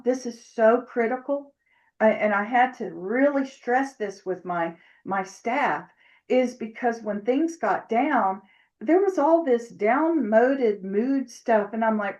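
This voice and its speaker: A middle-aged woman with a slightly high voice gives a motivational talk to her network marketing team. She is emphatic and coaching, and she slips into acted-out dialogue to make her points. The recording sounds dull and lo-fi. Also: darkish tone.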